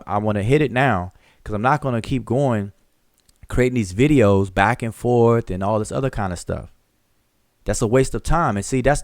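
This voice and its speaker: A man's voice: medium pitch, dry recording, studio quality. A man hosting a live open discussion and teaching, who is emphatic, repeats his points to drive them home, and explains step by step with examples. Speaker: teacher and channel host.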